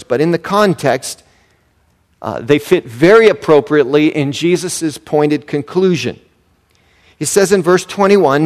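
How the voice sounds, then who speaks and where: A male pastor delivering a sermon at an unhurried pace, his voice pitched a touch higher than most men's. He stresses single words with force and keeps turning to his listeners with rhetorical questions. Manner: preaching with emphatic rises and slow deliberate stresses; asks the congregation rhetorical questions.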